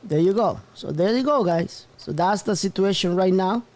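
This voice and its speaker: A man's voice: sits high, animated, moderate pace, a little mellow. A man hosting a casual news commentary show, rambling and often breaking into laughter. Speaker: host.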